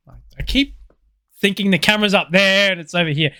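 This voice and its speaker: A man's voice: high voice, fairly quick, bright, forceful tone, no room sound, studio quality. A man casually telling a podcast story, loose and sweary with lots of fillers. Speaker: podcast co-host.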